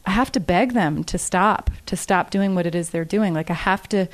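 A woman in a casual question-and-answer session with an audience, talking in an earnest, conversational way. Her voice sits somewhat low for a woman. She repeats each question aloud before she answers it. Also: normal speed.

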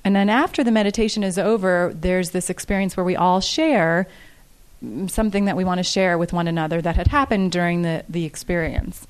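A woman's voice: fairly low pitch, fairly even intonation, a little fast, clean tone. A woman speaking casually and earnestly to an audience, repeating each question aloud before she answers it.

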